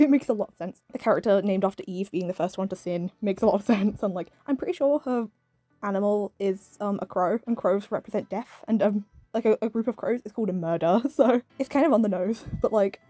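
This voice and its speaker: Fast-talking British woman, chatty. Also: medium pitch, mellow, dry recording, soft background music. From Britain. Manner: rambling, peppered with "like" and "um", laughs often. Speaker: video reviewer. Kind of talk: casual chatty review.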